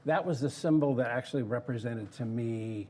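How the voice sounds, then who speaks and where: A man's voice: medium pitch, moderate pace. An older man, a former theme park designer, telling anecdotes in a casual interview and acting out what other people said. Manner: lively storyteller who acts out others' words.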